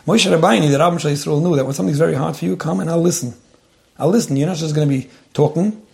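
A man's voice: fairly high pitch, rapid-fire, gravelly, darkish tone. A man giving earnest, conversational marriage advice to a couple.

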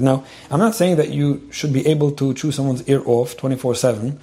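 A man giving spoken advice on relationships, stuttering over his sentence starts and filling pauses with "um". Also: medium pitch, warm tone. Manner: rapid, repeats words when starting sentences, lots of "um". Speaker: advice speaker answering a listener's question. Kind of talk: advice talk.

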